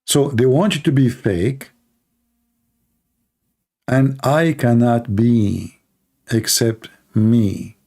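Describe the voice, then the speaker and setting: A middle-aged man with a gravelly, dark voice hosts a live-streamed religious debate. His English is broken, and his delivery is blunt and combative. He mocks his opponents and fires off rhetorical questions. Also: mid-range voice, very slow, long pauses. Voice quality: non-native English with broken grammar. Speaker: debate show host.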